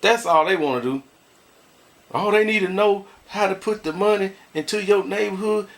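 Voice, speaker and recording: A man's voice: high-pitched, moderate pace, creaky, fairly bright tone. A married man vlogging, ranting bluntly to his viewers and laughing often as he complains. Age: adult, married. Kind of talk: casual ranting commentary.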